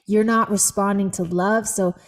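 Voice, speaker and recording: A gentle, motherly angel speaks in a soft, coaxing, affectionate way, as a woman puts her on while telling a story. The voice sits in an ordinary middle pitch. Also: steady tone, moderate pace, natural voice. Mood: tender. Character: tender, loving angel, patient and motherly.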